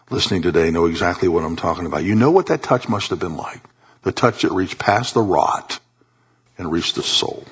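A man preaching a sermon with passion, rising to loud high peaks and dropping to soft low tones. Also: husky.

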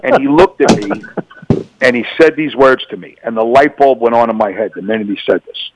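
A man's voice: medium pitch, lively intonation, quick pace, slight background noise, low-quality recording. A middle-aged man from New York giving a personal testimony as a radio interview guest, telling his story and acting out both sides of the dialogue.

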